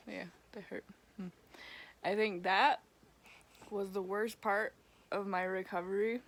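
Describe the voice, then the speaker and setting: A woman's voice: medium pitch, fairly even intonation, measured pace, pauses often. A young woman talking to her camera in a candid personal vlog, frank, blunt and casual, with mild swearing. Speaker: vlogger.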